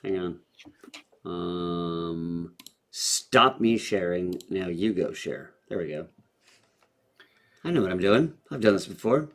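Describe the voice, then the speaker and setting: A laid-back man co-hosting a casual livestream, his pitch bouncing around a lot as he talks. He keeps the banter loose and jokey. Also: expressive, slow, pauses often. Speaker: co-host.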